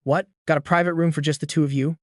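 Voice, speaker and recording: A man's voice: a little high, fairly even intonation, fast, dry recording, studio quality, close to an everyday voice. A man voicing a hungover teenage boy, a nosy and suspicious school friend, in an audio story. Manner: frustrated, suspicious.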